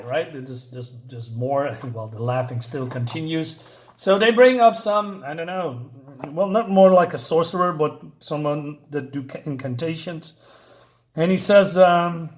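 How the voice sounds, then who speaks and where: A man hosting a relaxed comic review video, walking viewers through the plot. He pauses often to search for words and leans on fillers as he goes. His speaking voice sits a little higher than most men's. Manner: hesitant, many fillers while retelling a plot.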